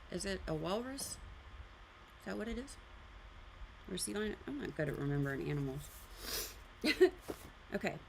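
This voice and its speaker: A woman's voice: fairly low pitch, vocal fry, slight background noise. Chatty woman hosting a live drawing session. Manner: chatty, rambling, explains as she goes. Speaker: art livestream host. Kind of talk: casual live drawing demonstration. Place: art studio.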